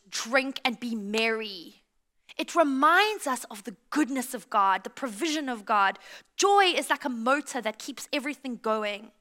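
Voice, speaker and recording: High bright South African woman preaching. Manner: lively storytelling, addresses the congregation directly. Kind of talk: sermon.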